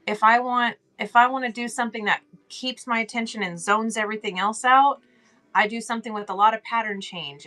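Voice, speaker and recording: A woman's voice: mid-range voice, sharp tone. A middle-aged woman, hosting a casual livestream chat, reading chat aloud and laughing often. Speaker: livestream host.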